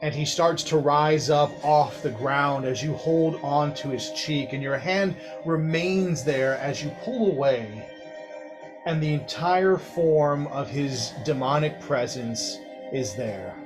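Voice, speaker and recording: A male game master narrating a tabletop game in a slow, deliberate, dramatic way, with a middle-pitched voice. Music plays clearly beneath him.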